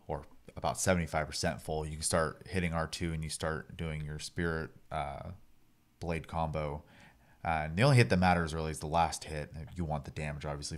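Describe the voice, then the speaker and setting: Deep-voiced man explaining game mechanics. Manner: explanatory, walks through game mechanics step by step. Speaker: podcast co-host. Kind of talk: casual gaming chat.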